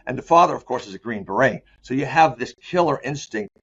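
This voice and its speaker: This is a man in a candid interview, speaking as a sport psychologist. He rambles from point to point, restarts his sentences and slows down to stress the words that matter. His voice sits at a middle pitch, and the recording sounds dull and lo-fi. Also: lively intonation, fairly bright tone, slight background noise.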